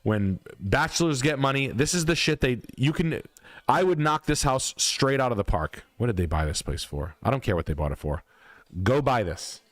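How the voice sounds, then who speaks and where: A man's voice: mid-range voice, expressive, moderate pace, dry recording. A man hosting a livestream, ranting bluntly and profanely in a casual, emphatic way. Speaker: livestream host.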